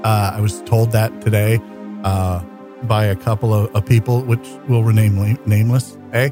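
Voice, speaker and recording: A man's voice: lowish voice, little pitch movement, moderate pace, mellow, faint music behind. A man co-hosting a podcast, stammering and restarting often in a mock self-pitying way. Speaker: podcast co-host. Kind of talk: casual podcast chat.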